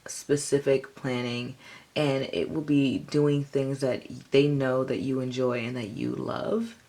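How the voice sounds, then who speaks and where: A woman's voice: very deep voice, a little mellow. A woman giving a casual tarot reading, rambling with lots of fillers. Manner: rambling, filler-heavy, chatty. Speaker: tarot reader.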